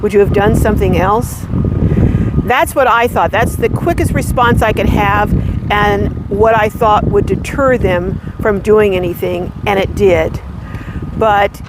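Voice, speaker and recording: A woman vlogging from her parked van, telling a story to camera in an earnest, measured way. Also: medium pitch, heavy background noise. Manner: earnest, measured, vivid retelling. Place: parked van in a parking lot.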